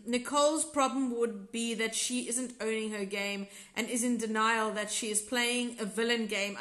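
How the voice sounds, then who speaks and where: A South African woman with a slightly high voice talks through an episode recap in a loose, candid ramble. She corrects herself mid-sentence and reads out viewer comments. Her voice carries a roomy echo. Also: a bit bright. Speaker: episode reviewer and former contestant. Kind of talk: casual live recap chat reading viewer comments.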